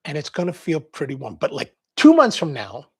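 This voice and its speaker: A man's voice: fairly high pitch, wildly swooping pitch, brisk, a little mellow, slightly rough. A man from Maryland hosting a coffee livestream, telling a rambling casual story and reading viewer comments. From Maryland, US East Coast. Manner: rambling storyteller, quotes people in voices, laughs.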